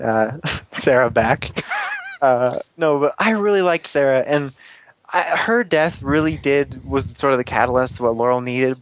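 Giggly rambling man on a lo-fi podcast. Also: mid-range voice. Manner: rambling, giggly, lots of fillers and restarts. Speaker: podcast co-host. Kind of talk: casual chat.

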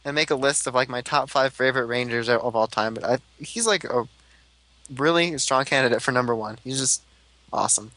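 A man's voice: medium pitch, fairly quick, bright, forceful tone, no room sound. A man in casual fan chat on a podcast, enthusiastic and laughing often as he acts out quotes. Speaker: podcast co-host.

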